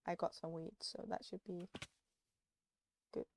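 A woman's voice: on the low side, steady tone, a little slow, darkish tone, a little hiss or hum. A woman hosting a casual game let's play, playful and coaxing, baby-talking to the animals. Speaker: gaming channel host.

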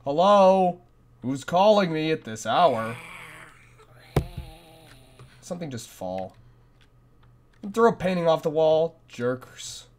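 A man's voice: fairly high pitch, sing-song, slow pace, long pauses, darkish tone, slight background noise. A man commentating a horror game as he plays, frantic and self-mocking, often repeating himself in a panic. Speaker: gameplay commentator. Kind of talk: let's play commentary.

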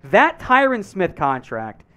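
Animated, high-voiced sports talk host. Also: male voice, takes it slowly, smooth, no room sound. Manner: energetic, animated banter with viewers. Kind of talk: live-stream sports talk.

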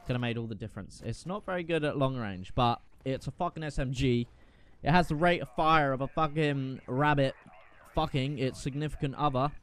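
A man giving casual, profane, excitable commentary while playing a shooter game. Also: medium pitch, a little fast. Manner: profane, excitable, self-mocking. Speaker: gaming video creator.

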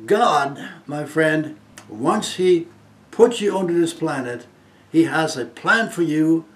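In a reverberant space, a German guest speaker in his eighties tells an earnest, inspiring testimony, animated and slow. His fairly high voice swings from emphatic loudness to soft, hushed words.

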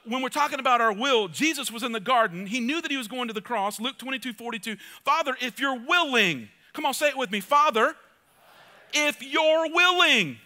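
A man's voice: very high-pitched, bright, forceful tone. A male pastor preaching a sermon with energy, joking asides and calls to the congregation. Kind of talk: church sermon.

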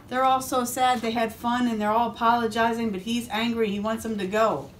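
A woman police officer reading a picture book aloud to a first grade class, expressive and adding asides to the children. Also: a little high, a little fast, few pauses, slight background noise.

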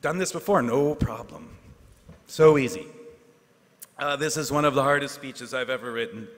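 A man, a teacher giving a graduation speech, earnest and self-deprecating, with asides and pauses for effect. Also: mid-range voice. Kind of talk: ceremonial speech. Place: large hall at a ceremony. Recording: hall reverb.

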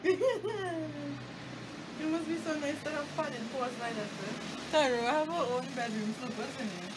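This is a woman with a high voice who teases her partner and laughs easily as they co-host a relaxed home vlog. She is chatting from bed, and a steady background hiss runs through the noisy home recording. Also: normal speed. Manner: teasing, laughs often. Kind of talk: casual home vlog chat.

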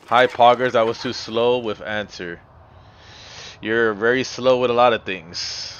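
A man's voice: medium pitch, steady tone, a little slow, fairly bright tone, clear, resonant tone, muffled recording. A man streaming a puzzle game live, swearing, ranting and talking to his chat. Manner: profane, ranting, talks to chat. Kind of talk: live gameplay commentary.

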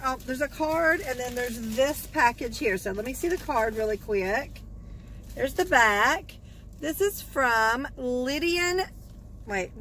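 A woman's voice: sits high, fairly bright tone, slight background noise, low-quality recording. A woman vlogger chatting casually from her parked car as she opens fan mail, gushing and repeating her thanks. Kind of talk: casual chat.

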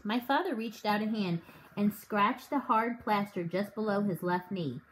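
A woman working as a reading tutor, reading a children's novel aloud in a calm, measured way. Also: mid-range voice, a little hiss or hum. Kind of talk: audiobook read-aloud.

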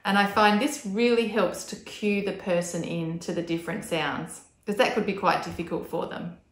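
A woman's voice: medium pitch, fairly even intonation, normal speed. Woman in an echoey room, carefully enunciating sounds. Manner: demonstrates speech sounds with careful, exaggerated enunciation. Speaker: speech pathologist. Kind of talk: instructional video explanation.

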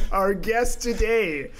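Guy cohosting a podcast, kinda high voice, upbeat intro then quick questions. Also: a bit bright, slightly rough. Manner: upbeat scripted intro, then short prompts and reactions. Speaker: podcast co-host. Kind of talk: podcast hosting and interviewing.

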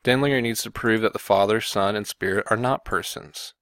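A man giving combative Bible commentary, often pausing on "okay" and "you know" to press his point. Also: fairly low pitch, fairly bright tone, no room sound. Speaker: religious video commentator.

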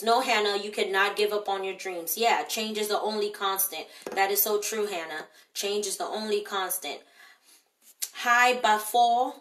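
A woman's voice: mid-range voice, normal speed, a bit bright. A woman hosting a live online show, giving emphatic, direct motivational talk and answering viewer comments. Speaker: livestream show host. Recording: echoey, distant livestream audio.

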